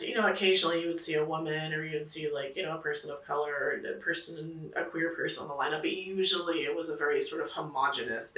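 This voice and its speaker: A woman's voice: low voice, bright, forceful tone. A woman, a comedy producer and stand-up comedian, giving reflective interview answers with frequent fillers and restarts. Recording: echoey room, mic at a distance.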